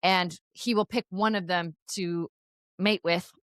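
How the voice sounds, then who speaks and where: Animated woman recapping a story. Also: lowish voice, measured pace, no echo, clean studio sound. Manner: animated storytelling, frequent laughs and "like". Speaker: podcast co-host. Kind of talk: casual book recap chat.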